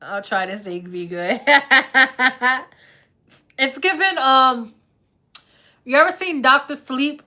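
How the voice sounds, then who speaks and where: Bright-voiced woman reading tarot live. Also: high voice, slow, long pauses. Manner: chatty, laughs often, slangy. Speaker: tarot reader.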